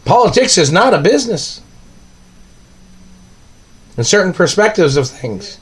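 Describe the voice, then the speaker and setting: Ranting man, pitch a bit high. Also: very animated, unhurried. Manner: ranting, accusing, repeating questions. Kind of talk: angry monologue to camera.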